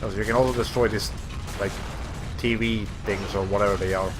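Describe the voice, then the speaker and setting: A man's voice: lowish voice, steady tone, a little fast, music in the background. A man streaming a video game, losing his voice as he rambles and thinks aloud while playing, with casual swearing. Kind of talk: casual let's-play commentary.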